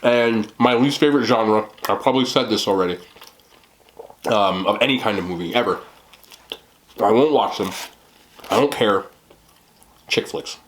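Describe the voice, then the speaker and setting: A man's voice: on the low side, normal speed, pauses often, slight background noise, rough recording. A man hosting an eating video talks loosely to his viewers. He rambles, fills his sentences with "like", and slips into mocking asides. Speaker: mukbang host. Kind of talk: casual chat to camera.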